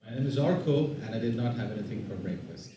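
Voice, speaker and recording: A man's voice: medium pitch, lively intonation, fast, mellow. A man who is a workshop participant, introducing himself hesitantly on stage. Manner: hesitant, nervous. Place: seminar room on stage. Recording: roomy audio from far off with crowd noise.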